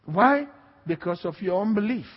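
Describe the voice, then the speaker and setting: A man's voice: high voice, expressive, normal speed, breathy edge. A man preaching a sermon with emphatic repetition and call-and-response to the congregation. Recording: dull, echoey hall recording.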